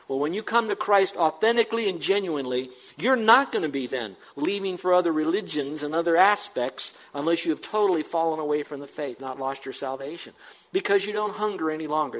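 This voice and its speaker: A man's voice: fairly high pitch, fairly bright tone, poor audio. A middle-aged man, a pastor, preaching a conversational sermon and asking the congregation questions.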